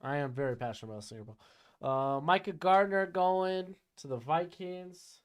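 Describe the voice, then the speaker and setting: Casting: male streamer, chatty, relaxed commentary reading chat aloud. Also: a little high, normal speed, clean tone. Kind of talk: casual live-stream commentary.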